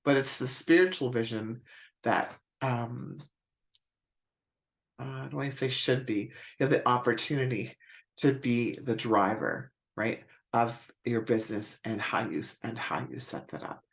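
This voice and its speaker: Woman coaching with gentle rhetorical questions. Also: extremely low pitch, measured pace, creaky. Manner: encouraging, searching for words, asks many rhetorical questions; often adds a soft "right?" after points. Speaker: spiritual business coach. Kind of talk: live-stream coaching talk.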